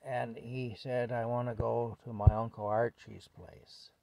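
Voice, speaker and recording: A man's voice: medium pitch, little pitch movement, unhurried, creaky, mellow, dry recording. A man casually telling a rambling story at home, with chuckles and fillers. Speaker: vlogger telling stories.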